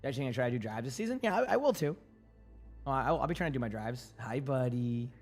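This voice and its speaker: Slightly hoarse streamer chatting easily. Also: male voice, mid-range voice, rapid-fire, soft background music. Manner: relaxed and rambling, answering chat questions with fillers and restarts. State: yawning, sleepy. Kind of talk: casual chat with viewers.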